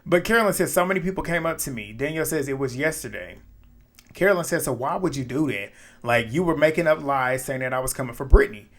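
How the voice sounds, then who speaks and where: A man giving a casual, animated recap of a reality show, acting out what people said and adding his own quoted reactions. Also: mid-range voice, fast talker. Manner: animated, retells scenes with quoted asides and laughs. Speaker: recap commentator.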